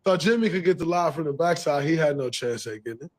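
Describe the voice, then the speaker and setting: A man, a pro basketball player, telling a story from a game with animated, laughing delivery. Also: fairly high pitch, fast. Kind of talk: recounting a story in an interview.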